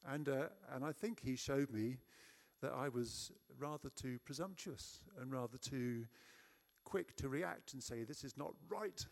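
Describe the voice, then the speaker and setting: A man's voice: medium pitch, measured pace. A middle-aged man preaching a sermon, telling a personal story in a chatty, self-deprecating way.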